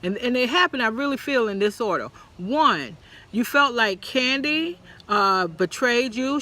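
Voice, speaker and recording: A man giving a sassy, animated opinion commentary on a reality show, acting out quotes in a mocking voice. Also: high voice. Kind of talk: casual opinion vlog.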